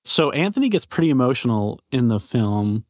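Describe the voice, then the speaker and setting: A man hosting a podcast and asking relaxed, conversational questions. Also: mid-range voice, brisk, no room sound, clean studio sound. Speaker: podcast host. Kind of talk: casual interview.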